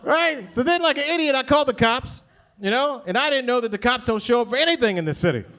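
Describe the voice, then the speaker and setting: At a comedy club, a man with an extremely high voice and a fast delivery tells a story on stage, acting out the voices of its characters. Live crowd laughter can be heard.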